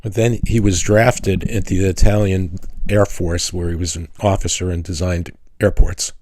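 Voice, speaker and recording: An older man talks through a class in a low-pitched voice. He wanders through personal stories, pausing and restarting his sentences as he goes. The tone is that of a retired architect sharing memories. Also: fairly even intonation, darkish tone. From New York City. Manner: rambling, halting with restarts and fillers. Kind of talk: casual lecture with personal stories.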